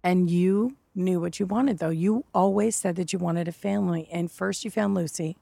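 Gravelly-voiced enthusiastic woman host. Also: on the low side, normal speed, no echo. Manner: warm, enthusiastic and encouraging. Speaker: podcast host. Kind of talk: casual interview chat. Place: outdoors at a resort by a lake.

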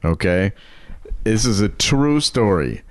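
Low-voiced, animated male podcast co-host. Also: takes it slowly. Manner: jokey, reads news stories aloud. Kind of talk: casual comedic chat.

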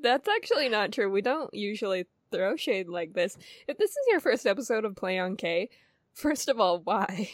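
A woman's voice: mid-range voice, very animated, moderate pace, no room sound, studio quality. A woman co-hosting a podcast in casual chat, wry and laughing often. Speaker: podcast co-host.

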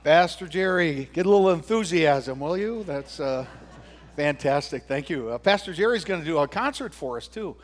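A man preaching a sermon to his congregation, talking in an unhurried, conversational way with fillers and rhetorical questions. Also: fairly high pitch, animated, a little hiss or hum. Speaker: pastor. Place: church sanctuary. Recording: long reverb of a church hall.

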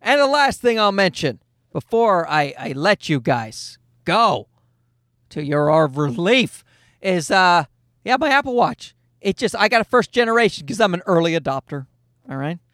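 A man's voice: high voice, very animated, moderate pace, fairly bright tone, dry recording, clean studio sound. A man in his thirties hosting a casual solo podcast, telling a story in a profane, self-mocking way. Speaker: podcast host.

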